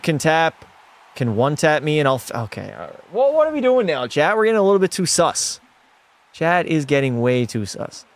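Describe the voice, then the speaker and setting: This dry recording catches a fairly high-pitched young man streaming hockey gameplay. He calls the action excitedly, chats with his audience, responds to chat and throws in mock French-Canadian outbursts as casual live-stream commentary.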